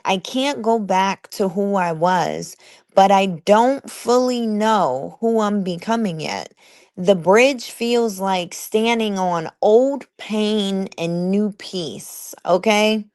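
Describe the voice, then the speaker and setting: A woman talks to her listeners about personal growth in an unhurried, deliberate way. She is emphatic and colloquial, often checking in with "okay?". The sound is dry and close. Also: medium pitch, no room sound. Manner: emphatic, keeps asking "okay?"; colloquial, drawls some phrases. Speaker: podcast host. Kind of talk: personal motivational talk.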